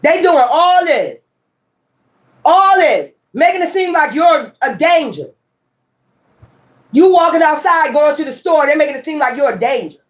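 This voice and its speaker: A high-voiced woman talks to her viewers as a tarot reader in a loose, heated monologue. She presses her points hard, swears freely and circles back to the same phrases again and again. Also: expressive, measured pace, pauses often. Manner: emphatic, profane and repetitive. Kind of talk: casual ranting monologue.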